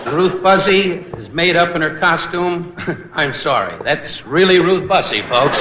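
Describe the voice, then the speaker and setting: A man doing rapid-fire insult comedy at a roast, mimicking voices. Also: mid-range voice. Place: banquet hall stage. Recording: old roast broadcast, roomy, loud noise.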